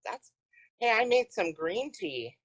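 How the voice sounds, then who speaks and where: Tipsy woman on a podcast, bouncy up and down voice, slow talk, playful n sweary. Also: mid-range voice, big pitch swings, slightly rough. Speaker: podcast co-host. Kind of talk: casual chat.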